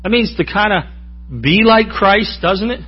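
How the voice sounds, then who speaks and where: A man's voice: high-pitched, unhurried, breathy edge, dull audio. A man preaching a sermon in a folksy, joking way, often calling out to the congregation for an amen. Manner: folksy, joking, asks the crowd for amens.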